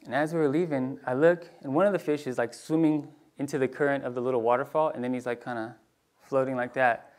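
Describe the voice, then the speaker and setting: A man preaching in a casual storytelling way, acting out voices in his anecdotes and dropping to a hushed tone for tender moments. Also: mid-range voice, fairly even intonation, fast. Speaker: pastor. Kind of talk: storytelling sermon.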